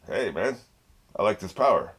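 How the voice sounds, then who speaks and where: A man's voice: lowish voice, lively intonation, moderate pace, fairly bright tone. A man hosting an anime reaction video, chatting casually, laughing often and talking back to the screen. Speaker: anime reaction channel host.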